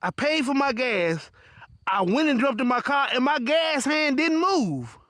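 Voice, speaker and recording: A man doing a slow, puzzled, insistent customer. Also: extremely high pitch, sing-song, fairly bright tone, no room sound, studio quality, full character voice. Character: bald middle-aged white man, confused and insistent.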